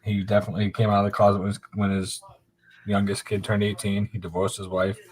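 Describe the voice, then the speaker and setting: A man's voice: fairly low pitch, completely flat delivery, fast talker, darkish tone. A middle-aged man telling a long, profane anecdote in casual chat on a live stream. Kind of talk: casual storytelling.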